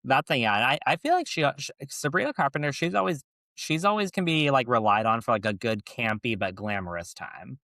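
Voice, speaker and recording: A man's voice: mid-range voice, animated, fairly quick, bright, forceful tone, no echo, clean studio sound. A young man co-hosting a podcast in a casual, playful way, laughing often and restarting his sentences. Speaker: podcast co-host. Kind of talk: casual chat.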